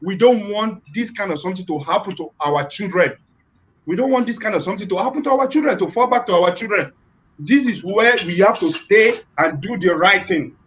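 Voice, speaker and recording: A man's voice: high voice, brisk, a bit bright, poor audio. A man calling in to a live chat, giving his opinion in a preachy way, repeating points and invoking God. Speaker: caller. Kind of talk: earnest call-in opinion.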